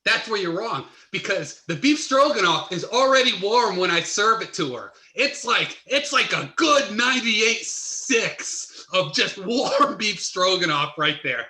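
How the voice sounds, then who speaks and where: A man's voice: high voice, animated, unhurried, hardly any pauses, sharp tone, echoey room, full character voice. A man playing a prim, overly polite male house cat who is jealous of a rival pet, in an improv comedy scene. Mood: boastful.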